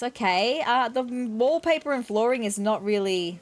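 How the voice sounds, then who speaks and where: A woman's voice: fairly high pitch, expressive, moderate pace. A woman hosting a casual let's-play, chatting through her game and reading dialogue aloud. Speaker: gaming video host.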